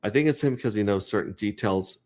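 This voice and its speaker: A man's voice: fairly low pitch, a little fast, darkish tone. A man chatting casually on a livestream, rambling and joking while he reads out names from his chat. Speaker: crypto livestreamer.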